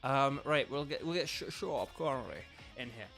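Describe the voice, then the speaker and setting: A man's voice: mid-range voice, expressive, normal speed, gravelly, a bit bright, soft background music. A man streaming a video game, chatting casually and rambling as he reads viewer comments aloud. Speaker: streamer and voice actor.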